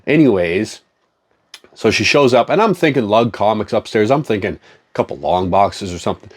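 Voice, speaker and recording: Man, low voice, animated pitch, profane, rambling casual chat. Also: normal speed. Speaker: comic collector and vlogger.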